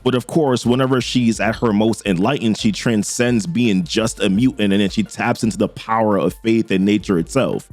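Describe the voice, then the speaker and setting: A man's voice: fairly low pitch, moderate pace, few pauses, darkish tone, faint music behind. A man recapping a comic book in casual, enthusiastic commentary, dotted with fillers. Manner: enthusiastic, filler-heavy narration.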